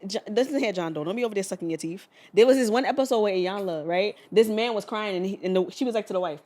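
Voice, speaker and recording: A woman's voice: mid-range voice, quick pace, hardly any pauses, a little mellow. A woman co-hosting a casual podcast chat, blunt and profane, talking with strong emphasis. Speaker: podcast co-host.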